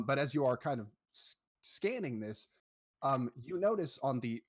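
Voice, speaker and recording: Male game master, mid pitch, loose descriptive narration of a tabletop game.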